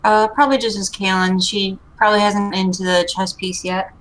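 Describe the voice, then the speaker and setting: A woman playing a tabletop role-playing game. She states her character's moves quickly and concisely, in a mid-range voice. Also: mid-range voice, level tone, a bit bright, rough recording. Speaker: player.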